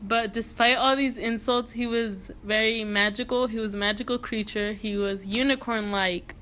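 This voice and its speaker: A woman's voice: on the high side, fairly even intonation, moderate pace, a bit bright. A woman casually narrating a comedic history retelling, full of silly jokes.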